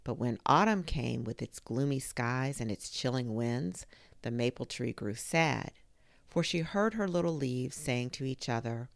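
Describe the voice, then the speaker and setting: A middle-aged woman reading a storybook aloud with a gentle, expressive manner. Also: extremely low pitch, measured pace, vocal fry, no echo. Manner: gentle, expressive reading with lively voiced quotes. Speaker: storytime reader.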